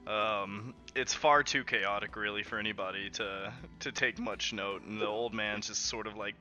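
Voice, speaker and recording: Bright-voiced game master, narrating. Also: male voice, lowish voice, steady tone, normal speed. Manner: rambling and giggly, full of fillers. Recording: muffled lo-fi with faint music.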